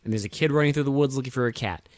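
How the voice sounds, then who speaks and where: A man's voice: medium pitch, very fast, a little mellow, no echo. A man co-hosting a podcast, casually recapping a movie in a blunt, profane and mocking way. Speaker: podcast co-host.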